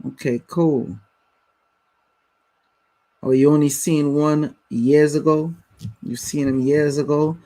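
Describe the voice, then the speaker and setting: A man's voice: fairly high pitch, steady tone, slow pace, pauses often, warm tone. A man hosting a live stream, talking bluntly and casually to his viewers in slang. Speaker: livestream host.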